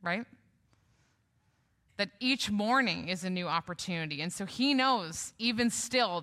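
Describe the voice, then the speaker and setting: A woman's voice: mid-range voice, sharp tone. A young woman preacher giving a conversational sermon, with light humorous asides. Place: church sanctuary. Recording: long reverb of a church hall.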